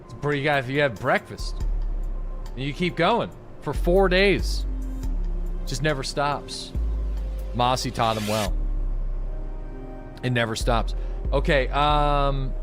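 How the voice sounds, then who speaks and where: A young man streaming a game, chatting casually, swearing freely and getting loudly excited at new finds. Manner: excitable, swears a lot, jumps up high when surprised. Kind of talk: casual gaming livestream chat.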